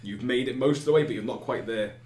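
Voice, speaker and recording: A man running a tabletop game as game master, narrating scenes and briefly acting out shouting side characters. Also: mid-range voice, quick pace, echoey room.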